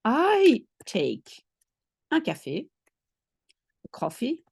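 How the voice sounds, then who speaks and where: Slow, husky woman teacher. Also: on the high side, wildly swooping pitch, a little mellow, dry recording, clean studio sound. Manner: patient, step-by-step explaining with frequent rephrasing. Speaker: language teacher. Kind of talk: explaining a French lesson to one learner.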